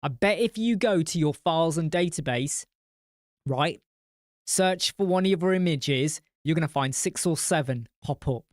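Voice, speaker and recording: A man's voice: a little high, moderate pace, no room sound, studio quality. Blunt, profane man hosting a live chat. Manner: ranting anecdotes, answers chat comments. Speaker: host. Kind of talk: casual live-stream chat.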